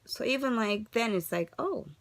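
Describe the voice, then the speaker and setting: A woman's voice: fairly high pitch, expressive, normal speed, creaky, no echo. A woman in her thirties vlogging an upset, rambling update, asking frustrated rhetorical questions while holding herself together. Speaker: vlogger sharing a fertility journey update. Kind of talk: casual confessional vlog.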